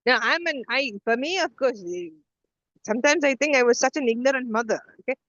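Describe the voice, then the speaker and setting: A middle-aged woman co-hosting a podcast, telling stories in a casual, animated way with many restarts. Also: high voice, brisk, dry recording, lo-fi sound. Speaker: podcast co-host. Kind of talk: casual conversation.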